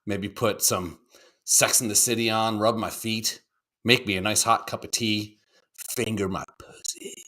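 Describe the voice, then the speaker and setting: A man's voice: fairly low pitch, fairly even intonation, unhurried, pushed and bright. Profane rambling man on a podcast. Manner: profane, rambling, acts out quoted voices. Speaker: podcast co-host. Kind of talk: casual chat.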